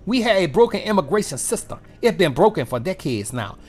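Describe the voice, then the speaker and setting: A man's voice: sits high, very animated, brisk, slightly rough, pitched above the performer's own voice, full character voice. A man doing a mocking spokeswoman impression. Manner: exaggerated, mocking put-on accent.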